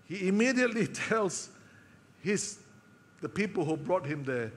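A man preaching a sermon, telling a story with emotional pauses and dropping to a soft voice for quoted lines. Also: on the high side, big pitch swings, long reverb tail. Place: church hall.

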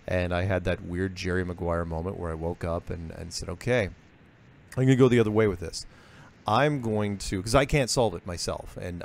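A man's voice: sits low, vocal fry, slight background noise. A man being interviewed, telling his story casually and acting out what others said. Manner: animated, acts out quoted voices. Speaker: interview guest.

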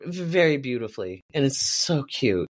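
A woman's voice: a bass voice, sing-song, normal speed. A woman co-hosting a podcast in casual chat, agreeing often and adding to her partner's points. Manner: agreeable, frequent backchannels. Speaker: podcast co-host, astrologer.

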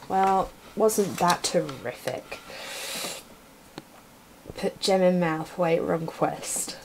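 A woman's voice: fairly low pitch, extremely slow, creaky, pauses often, background noise. Playful woman streaming a retro game. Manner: playful, chatting to viewers while typing commands. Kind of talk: casual live-stream commentary. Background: keyboard typing.

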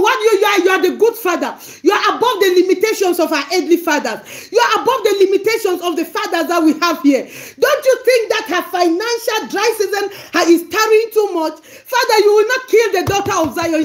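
A woman pastor with a Cameroonian accent, preaching and praying fervently, pleading and often laughing as she prays. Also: extremely high pitch. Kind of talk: livestream preaching and prayer.

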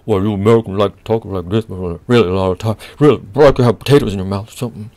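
Man doing a teasing Manchester bloke aping Americans, low and gravelly, set back from the mic. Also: very fast, darkish tone, dry recording, natural voice. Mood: mocking. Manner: teasing, exaggerated mockery.

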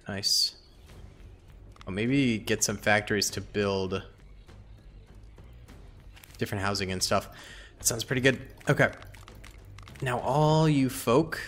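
A man's voice: fairly low pitch, fairly bright tone. A young man giving casual gameplay commentary, chatting to himself and pleading with his units. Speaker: gaming YouTuber.

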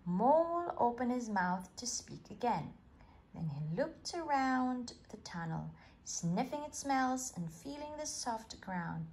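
A woman reading a bedtime story aloud in a slow, gentle and expressive way. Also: fairly high pitch.

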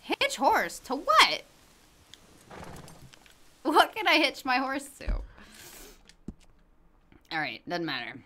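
A woman's voice: high voice, wildly swooping pitch, takes it slowly, pauses often, sharp tone. A woman streaming a game in casual chat, greeting viewers by name and laughing often. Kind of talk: casual livestream chat while gaming.

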